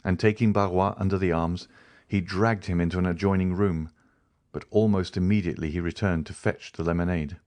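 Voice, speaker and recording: A man narrating a classic novel audiobook in an even, measured reading. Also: low voice. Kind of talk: scripted narration.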